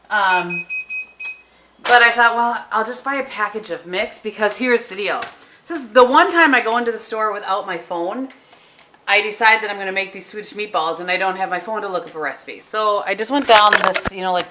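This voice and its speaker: A woman, rambling casually through a home vlog from her kitchen. She is chatty and throws in self-deprecating asides. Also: medium pitch. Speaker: vlogger. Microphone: handheld compact camera. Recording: noisy home camera audio.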